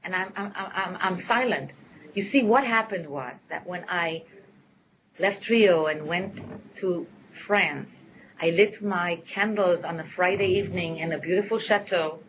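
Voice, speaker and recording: An older woman giving a lecture as a personal story, lively and dramatic, acting out her own past words. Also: fairly low pitch, unhurried. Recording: dull lo-fi recording with faint hiss.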